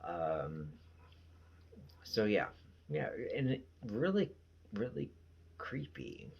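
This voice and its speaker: Low, slow-talking man recapping a show. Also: very animated, vocal fry, a little mellow, slightly rough, highs cut off. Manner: rambling, with many fillers and trailing asides. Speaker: show reviewer. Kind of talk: casual episode recap.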